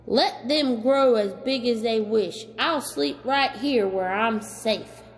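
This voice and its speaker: A woman's voice: fairly high pitch, takes it slowly, soft background music. A woman voicing a silly, fretful old male owl in a storybook read-aloud, exclaiming in a raised put-on voice. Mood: frantic.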